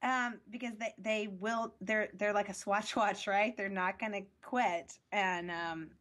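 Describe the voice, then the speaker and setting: A woman's voice: medium pitch, steady tone, a little slow, a bit bright. Hesitant giggly woman panelist. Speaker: panelist, article editor. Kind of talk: casual panel chat.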